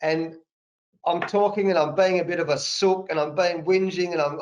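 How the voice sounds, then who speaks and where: A man in his fifties with an Australian accent and a sore throat, telling lively anecdotes full of slang as a guest on a video call. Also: a little high, moderate pace, rough recording. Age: 50s. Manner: animated anecdotes with colloquial slang. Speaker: guest, national cricket coach. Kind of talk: conversational storytelling.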